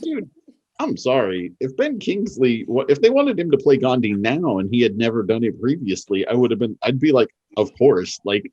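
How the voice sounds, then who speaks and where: Man, low husky voice, lively pitch, podcast guest, dull lo-fi sound. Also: normal speed, no echo. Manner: argumentative and emphatic, building a point. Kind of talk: casual podcast chat.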